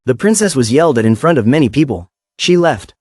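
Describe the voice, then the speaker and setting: A man's voice: mid-range voice, expressive, fast talker, warm tone, no echo, studio quality. A man narrating a comic story recap in a plain storytelling manner.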